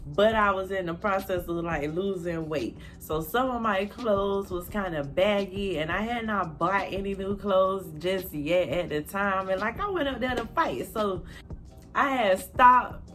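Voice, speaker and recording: A woman telling a storytime vlog in a casual, animated way, cussing freely, talking straight to viewers and acting out quotes in high, loud bursts. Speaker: storytelling vlogger.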